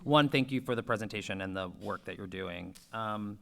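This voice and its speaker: Man, lowish voice, school committee member, casual, hedging, public meeting. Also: moderate pace, vocal fry, a bit bright. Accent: Boston.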